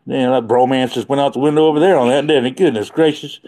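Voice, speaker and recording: Guy rambling on his phone live, chatty, kinda high voice, laughs a lot. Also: a little mellow. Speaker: livestream host. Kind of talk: casual livestream chat.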